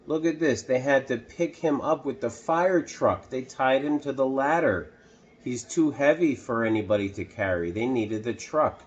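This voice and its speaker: A man reading a picture book aloud to children, pausing to ask the listener questions. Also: mid-range voice, highs cut off. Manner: slow, asks the listener questions. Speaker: children's storytime reader.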